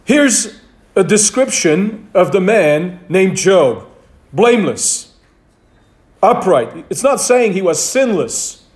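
A pastor delivering a sermon to his congregation, measured and deliberate, repeating key words for emphasis. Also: high-pitched, big pitch swings.

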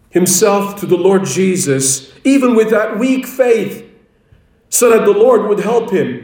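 A man's voice: high voice, a little mellow. A man preaching a sermon in an earnest, emphatic way, repeating key phrases. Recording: very echoey room, voice from a distance.

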